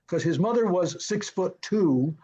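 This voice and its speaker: An older man with a fairly high voice tells stories from a film set, animated and chuckling, slipping into the voices of the people he quotes. The sound is a little dull and lo-fi. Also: a little slow, husky. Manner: lively, acts out quoted dialogue, chuckles often. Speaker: film and television director, interview guest. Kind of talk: anecdotal storytelling in an interview.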